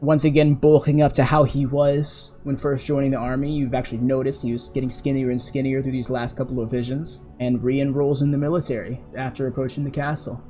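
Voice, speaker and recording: Dude running a tabletop game, mellow voice, chill rambly narration. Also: male voice, mid-range voice, little pitch movement, brisk, few pauses, soft background music. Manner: casual storytelling with a self-correcting ramble. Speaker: game master.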